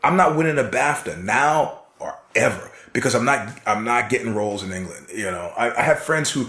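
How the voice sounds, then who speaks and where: A man's voice: medium pitch, expressive, fairly quick, bright, forceful tone. An American man, a podcast guest, telling stories in casual conversation, emphatic and laughing often, with some swearing. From United States. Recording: roomy echo.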